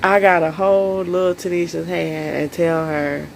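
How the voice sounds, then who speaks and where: A woman's voice: lowish voice, level tone, unhurried, vocal fry, few pauses, slight background noise, poor audio. A woman coaching viewers on self-care in a solo live stream, earnest and emotional, speaking straight to her audience.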